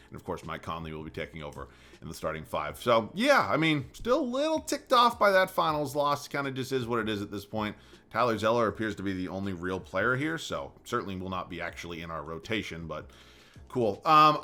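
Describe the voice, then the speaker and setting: Young man, gaming commentary, low voice, bright edge, calm play-by-play breaking into profane ranting. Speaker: gaming YouTuber. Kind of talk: casual gameplay commentary.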